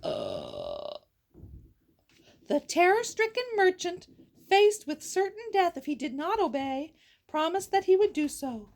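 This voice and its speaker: High-voiced playful woman storyteller. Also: expressive, moderate pace. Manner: playful, goofy asides, sound effects. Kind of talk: storytelling read-aloud.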